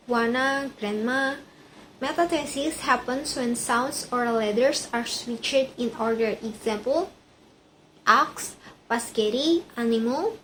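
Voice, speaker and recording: A woman's voice: high-pitched, slight background noise, poor audio. A woman reading out a class presentation, carefully repeating words to get their pronunciation right. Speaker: student presenting a project.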